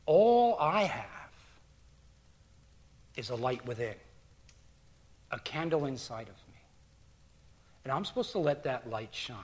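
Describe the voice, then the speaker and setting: A middle-aged man preaching a sermon as pastor, earnest, dropping to hushed near-whispers and rising to loud emphatic bursts. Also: medium pitch.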